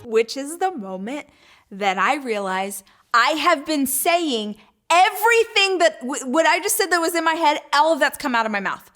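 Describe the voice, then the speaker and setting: A woman in her thirties hosts a casual talk show and tells a personal story with gushing energy. She acts out her own thoughts as she goes, and her voice sits a touch high for a woman. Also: expressive, moderate pace, a bit bright, faint music behind. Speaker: podcast host.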